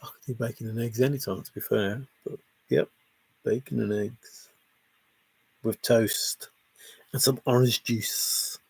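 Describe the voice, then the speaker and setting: Gravelly, husky man chatting on a livestream. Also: medium pitch, fairly even intonation, unhurried, long pauses, dry recording. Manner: reads viewer comments aloud and answers them playfully. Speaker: livestream host. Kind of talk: casual late-night livestream chat.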